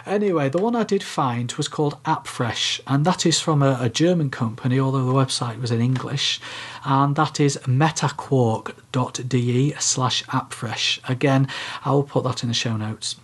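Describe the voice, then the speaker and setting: Husky man chatting about software. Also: mid-range voice, moderate pace. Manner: chatty, many ums and uhs, explains step by step. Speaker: podcast co-host. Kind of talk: casual tech podcast chat.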